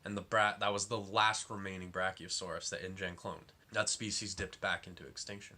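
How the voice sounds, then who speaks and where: Young guy reviewing a movie, low voice but bright and punchy, keeps saying like. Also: little pitch movement, a little fast. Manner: rambling, lots of "like" fillers, exasperated. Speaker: film reviewer. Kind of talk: casual film review.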